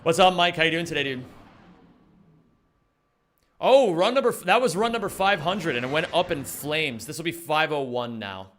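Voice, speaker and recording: Excitable joking streamer man. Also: a little high, moderate pace, long pauses, slight background noise. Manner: joking, excitable banter, swears freely. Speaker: live streamer. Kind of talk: casual live-stream chat with viewers. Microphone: streaming microphone.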